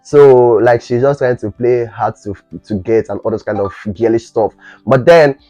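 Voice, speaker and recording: A man's voice: medium pitch, normal speed, dark tone, no echo, highs cut off, soft background music. Give me a young man from Nigeria rambling through a casual show review, with a dry sound. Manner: rambling, many fillers and restarts. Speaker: series reviewer.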